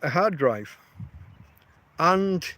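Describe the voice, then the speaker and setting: Rambling man, fairly high voice. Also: animated, drawn-out words, fairly bright tone, a little hiss or hum. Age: 50s. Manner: rambling, chatty, often restarts his sentences. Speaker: livestream host. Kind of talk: casual livestream chat. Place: outdoors.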